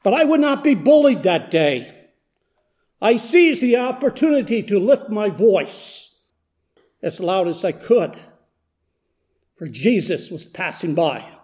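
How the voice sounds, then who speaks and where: A man's voice: high voice, sing-song, slow, long pauses, darkish tone. A man performing a first-person dramatic monologue as a blind beggar, speaking earnestly and building in intensity. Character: blind beggar man, humble then desperate. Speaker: dramatic storyteller.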